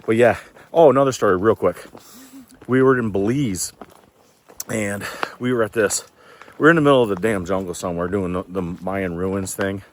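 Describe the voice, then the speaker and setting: A thru-hiker vlogger with a lowish voice tells casual, folksy stories at a moderate pace while hiking, a bit out of breath from the climb. He's chatty and loose, swearing casually, with slight background noise.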